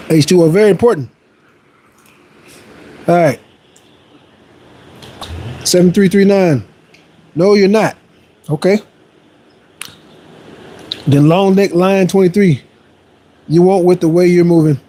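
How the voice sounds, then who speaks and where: A man's voice: sits high, slow pace, pauses often, warm tone, a little hiss or hum. A man hosting a casual fitness livestream, reading viewer messages aloud and answering them in an upbeat, motivational and playfully boastful way. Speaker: fitness streamer and trainer.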